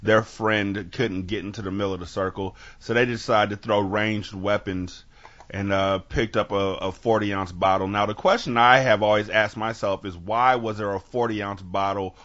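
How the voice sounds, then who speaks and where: A man from Sacramento hosting a podcast, telling stories with lively acted-out quotes and casual swearing, on dull lo-fi audio. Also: fairly low pitch, moderate pace. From Sacramento, California. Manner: animated storytelling, acts out quotes, swears freely. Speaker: podcast host. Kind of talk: casual chat.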